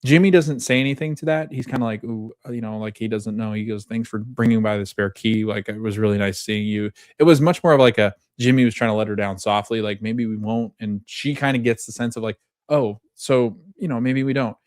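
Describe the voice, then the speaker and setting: A man's voice: on the low side, fairly even intonation, brisk, few pauses, a little mellow, dry recording, studio quality. A man in his thirties hosting a podcast, recapping a TV episode in a chatty way, quoting scenes and laughing often. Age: 30s. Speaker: podcast host.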